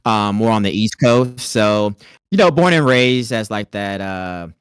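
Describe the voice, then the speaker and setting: A man from North Carolina talks in an easygoing, rambling way, with a light Southern twang. His voice sits low and comes across smooth. The sound is close and dry. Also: expressive, a little slow, no room sound. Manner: laid-back, chatty, lots of fillers. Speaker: podcast guest, content creator. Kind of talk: casual interview chat.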